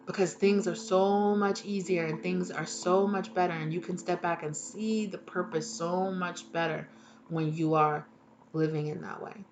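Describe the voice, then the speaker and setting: A woman's voice: on the low side, fairly even intonation, unhurried. A woman giving a casual tarot reading to her viewers. She talks chattily, swears freely and laughs at herself. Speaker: tarot reader.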